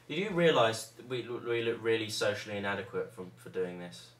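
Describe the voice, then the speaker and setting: A man with a monotone, self-mocking manner, chatting and joking in a living room. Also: lowish voice, moderate pace. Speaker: co-host of the ramble. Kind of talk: casual joking chat. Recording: roomy room, from far off, faint noise.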